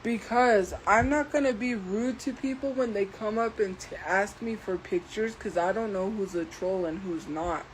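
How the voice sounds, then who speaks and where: Woman on a live stream, slow deliberate speech, defensive, mid pitch, faint background noise. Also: low-quality recording. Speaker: livestreamer. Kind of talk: live stream talking to chat.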